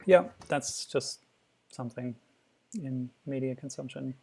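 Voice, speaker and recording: A man streaming a game, chatting in a relaxed, amused way and answering chat comments. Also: mid-range voice, measured pace, vocal fry, husky, soft background music. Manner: chatty, amused, laughs often, reacts to the game. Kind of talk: casual gameplay commentary.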